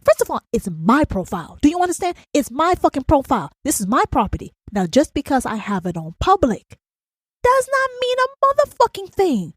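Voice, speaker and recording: A woman hosts her podcast in a blunt, profanity-laced rant, hammering her points home. Her voice sits on the high side and swings widely in pitch. The sound is close and dry, with no room echo. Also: huge pitch swings, a little fast. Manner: blunt, profane and emphatic, keeps asking "do you understand?". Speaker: podcast host. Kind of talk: ranting monologue.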